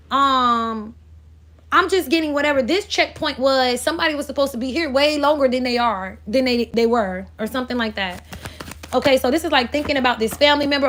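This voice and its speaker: Her voice sits high and has a fairly bright tone. She's a spiritual reader giving an offhand astrology reading, rambling and cursing bluntly as if conveying what the spirits tell her.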